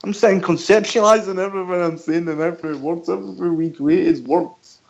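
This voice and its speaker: A man from the United Kingdom talks as a guest on a casual radio show. His pitch sits a bit high for a man. He rambles in an animated way and answers his own questions. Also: fairly quick, creaky, low-quality recording. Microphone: headphones and mic at home.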